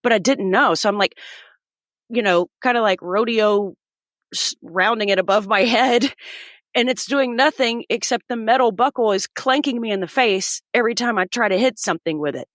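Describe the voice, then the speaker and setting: A woman's voice: fairly high pitch, normal speed, fairly bright tone, dry recording, studio quality. A woman in her thirties, a podcast guest, vividly telling a personal story and acting out the voices of the people in it.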